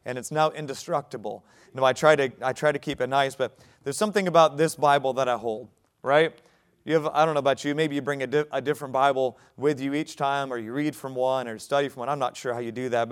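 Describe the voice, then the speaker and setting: A young male pastor delivering a sermon in a conversational way that climbs to forceful emphasis. His voice is smooth and resonant, sitting at an ordinary middle pitch. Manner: conversational preaching, rising to emphatic points.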